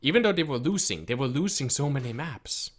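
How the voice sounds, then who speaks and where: A man's voice: medium pitch, animated, brisk. A man who coaches an esports team, telling a frustrated story in casual speech and quoting people as he goes. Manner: frustrated, emphatic, quotes others in his retelling. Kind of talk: casual storytelling rant to camera.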